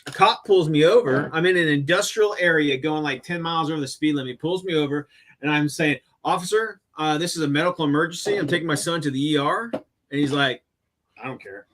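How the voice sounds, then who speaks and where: A man's voice: a little high, fast, fairly bright tone. A middle-aged man on a stream, telling a story in casual profane chat. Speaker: stream co-host.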